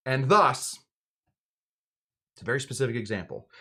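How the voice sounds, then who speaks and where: A man's voice: fairly high pitch, expressive, normal speed, a bit bright. A young adult man hosting a live cocktail show in a casual, rambling, digressive way, often correcting himself as he talks. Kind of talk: casual livestream chat.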